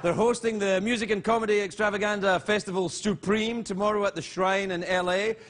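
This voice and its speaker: A man's voice: high-pitched, steady tone, a little fast, fairly bright tone, a little hiss or hum. A man hosting a late-night talk show, joking and teasing as he reads viewer mail. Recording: live studio audience laughter.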